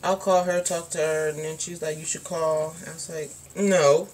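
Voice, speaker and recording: A young woman talks straight to camera in a loose, unscripted storytime vlog. Her voice sits a little low, and she speaks bluntly in slangy, colloquial speech, with frequent swearing and "like" fillers. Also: fairly even intonation, normal speed, a little mellow, a little hiss or hum. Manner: blunt and frank, swears freely, many fillers. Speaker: vlogger.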